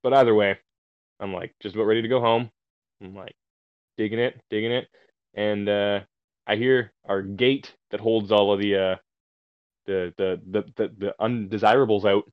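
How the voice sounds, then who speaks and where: A man's voice: lowish voice, steady tone, normal speed, long pauses, no room sound, lo-fi sound. A man casually telling a long story on a podcast, swearing and amused at himself, heard over a remote call. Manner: laid-back, swearing, self-amused storyteller.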